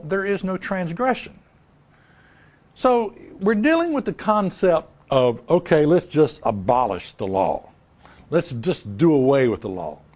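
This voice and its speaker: Lively preaching man, pitch swinging high. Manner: emphatic, rhetorical questions, repeats key lines. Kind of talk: sermon. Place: live church service.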